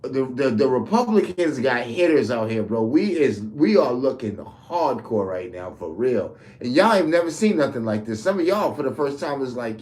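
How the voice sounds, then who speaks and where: A man's voice: mid-range voice, sing-song, moderate pace, few pauses, a little mellow. A man ranting heatedly to camera, profane and rambling. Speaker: commentator. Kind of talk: political rant to camera.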